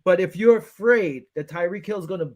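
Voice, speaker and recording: A slightly high-voiced man with a Western New York accent hosts a casual sports talk show, speaking at normal speed with a darkish tone. He rants in frustration, acting out his phone calls as quoted back-and-forth, and keeps the energy high while picking apart the defense.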